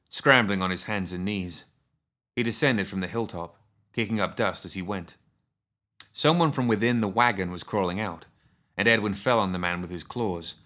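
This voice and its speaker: A man reading a story aloud as narrator, in a steady, measured way. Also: low-pitched.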